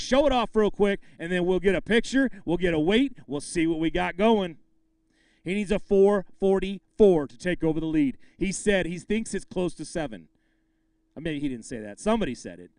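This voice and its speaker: A man's voice: high voice, no room sound. A man emceeing a live fishing tournament weigh-in, bantering with anglers and calling out the weights with bursts of hype.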